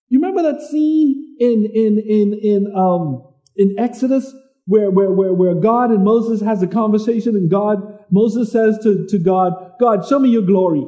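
A man preaching a sermon in a conversational way, who repeats words and reads scripture slowly. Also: high voice, mellow, muffled recording.

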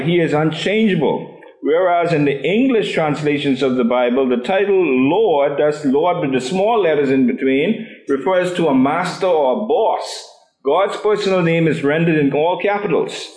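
A man's voice: a little high, a little mellow, reverberant, low-quality recording. A man leading a Bible study class, asking the group questions and often repeating his words.

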